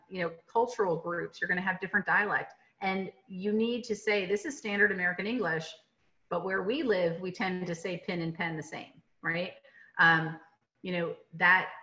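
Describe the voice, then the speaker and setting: Woman presenter from Atlanta, Georgia, on a webinar call. Bright, forceful voice, casual and filler-heavy. Lo-fi call sound. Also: fairly low pitch. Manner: conversational, many fillers and tag questions. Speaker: literacy presenter. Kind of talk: webinar lecture. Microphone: video call. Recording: dull lo-fi webinar audio.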